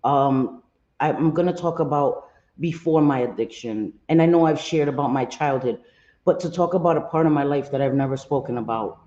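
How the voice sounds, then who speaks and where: A woman's voice: a bass voice, moderate pace, warm tone, reverberant, dull audio. A woman hosting her livestream, greeting viewers by name and talking earnestly with many ums. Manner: earnest, candid commentary. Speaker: livestream host. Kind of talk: casual livestream chat.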